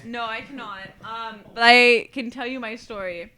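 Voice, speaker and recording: A woman's voice: a little high, moderate pace. A young woman co-hosting a podcast, telling a wild story in casual chat, swearing and laughing as she goes. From Canada. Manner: animated, swearing, laughing through her story. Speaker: podcast co-host.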